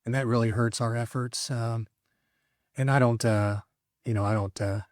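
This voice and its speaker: A man's voice: medium pitch, steady tone, normal speed, no room sound, clean studio sound. A former drug agent being interviewed on a podcast, a man who talks plainly with frequent restarts and a wry sense of humor. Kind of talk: casual interview chat.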